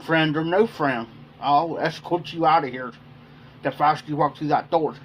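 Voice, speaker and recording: A man chats on a livestream, winding through a workplace story and circling back with "I said" over and over. His voice sits a little high for a man. A faint hum of background noise runs under the talk. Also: moderate pace. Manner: rambling, repeats "I said" while retelling. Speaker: livestream host. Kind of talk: casual storytelling to chat.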